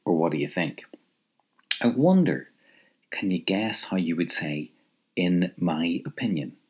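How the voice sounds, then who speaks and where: A low-voiced man leads a recorded language lesson at an unhurried pace. His pitch rises and falls a lot as he prompts, and he repeats each phrase patiently, leaving pauses for the learner. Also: animated, a little mellow. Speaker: language teacher.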